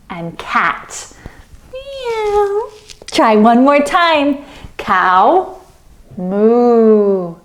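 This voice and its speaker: A woman leading a children's yoga story, giving slow, soothing instructions with playful animal sounds. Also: high voice. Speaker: kids yoga teacher.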